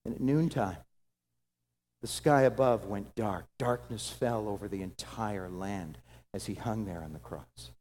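A pastor preaching a dramatic sermon that swings from loud to hushed. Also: male voice, on the low side, measured pace. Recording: long hall reverb.

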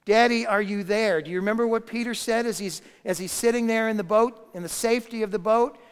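A man's voice: sits high, fast talker, clean tone. A man preaching a sermon, telling a story and building to emphatic moments. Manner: storytelling, rising to emphatic peaks. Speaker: pastor. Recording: long hall reverb.

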